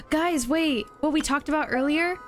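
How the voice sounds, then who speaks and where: Excitable young woman streamer, slightly high. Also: measured pace, soft background music. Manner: excitable, chatters to viewers, repeats phrases when flustered. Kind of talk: casual gaming stream chat.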